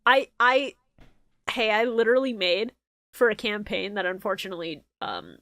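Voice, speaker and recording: A woman co-hosting a casual podcast, excitedly bantering and swearing freely. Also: medium pitch, normal speed, no echo. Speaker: podcast co-host. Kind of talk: casual chat.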